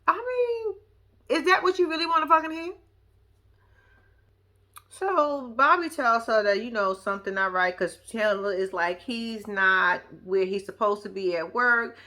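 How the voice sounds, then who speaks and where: 高音女性，声音明亮尖利，泼辣直白地吐槽真人秀。. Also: female voice, fairly high pitch, measured pace, bright, forceful tone. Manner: blunt, profane, sassy running commentary. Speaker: show recap commentator. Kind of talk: casual reality-show recap.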